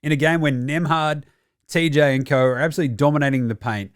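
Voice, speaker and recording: A man's voice: fairly high pitch, steady tone, quick pace, smooth, no room sound, studio quality. A man giving casual, profane sports commentary as a podcast host, sarcastic and acting out mock quotes. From Australia. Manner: sarcastic, swears freely, acts out mock quotes.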